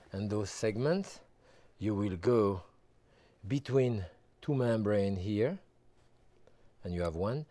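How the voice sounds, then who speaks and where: A man working as a TV chef, walking through a cooking demonstration step by step and adding relaxed asides as he goes. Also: mid-range voice, no echo. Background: background music.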